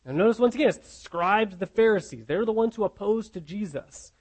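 Male preacher, higher register, casual teaching sermon, asks the room questions, restarts often. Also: expressive, a little fast, few pauses, a little mellow. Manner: conversational teaching with frequent restarts and rhetorical questions.

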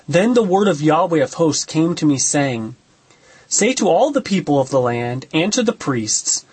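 Husky, high-pitched man preaching earnestly. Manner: earnest teaching tone with rhetorical questions and restarts. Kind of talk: expository sermon on scripture.

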